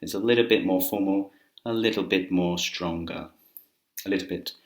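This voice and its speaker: A man teaching an English grammar lesson in a relaxed, chatty way with filler words, speaking to camera indoors. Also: deep voice, moderate pace. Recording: roomy echo.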